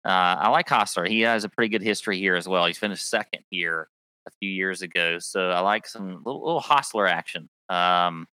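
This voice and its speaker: A man's voice: deep voice, fairly quick, bright, forceful tone, clean tone, dry recording. A man co-hosting a podcast, chatting in an easygoing way and reading off statistics. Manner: easygoing, reads off stats. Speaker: podcast co-host. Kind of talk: casual fantasy sports chat.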